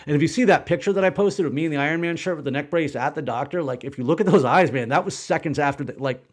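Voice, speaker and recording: A man's voice: fairly high pitch, fast. Candid man in his forties telling his story. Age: 40s. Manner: rambling, swears when recounting shock. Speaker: podcast guest. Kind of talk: candid storytelling in a podcast interview.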